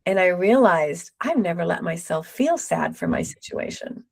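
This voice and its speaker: A middle-aged woman, a podcast guest, telling a personal story with lively retold quotes. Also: fairly low pitch, normal speed, creaky. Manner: animated retelling with acted quotes.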